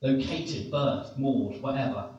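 A middle-aged man from England giving a sermon as a preacher, telling a story with lively, self-mocking humor. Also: mid-range voice, takes it slowly. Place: church hall. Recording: very echoey hall, distant dull mic.

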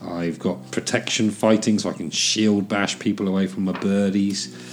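A man's voice: lowish voice, steady tone, moderate pace, soft background music. A man chatting casually as a player in a tabletop game, rambling with many ums. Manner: rambling, self-amused, lots of ums.

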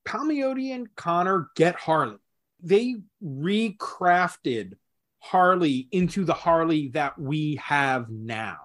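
Slow, thoughtful man explaining comics. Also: fairly high pitch, lively intonation, a bit bright. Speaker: podcast co-host discussing comics. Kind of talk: casual chat.

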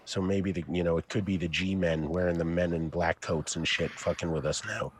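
A man's voice: sits low, little pitch movement, breathy edge. A man co-hosting a casual podcast, wry and conspiratorial, swearing and spinning long joking theories. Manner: wry, conspiratorial, swears, tells drawn-out jokes. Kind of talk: casual chat.

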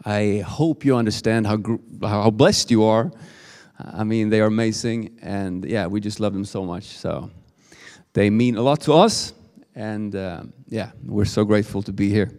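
A man's voice: fairly low pitch, unhurried, a little mellow. A man with a Swedish accent preaching a live sermon as a guest preacher in a church, talking informally with lots of fillers and restarts. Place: church service. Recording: preaching in a reverberant hall.

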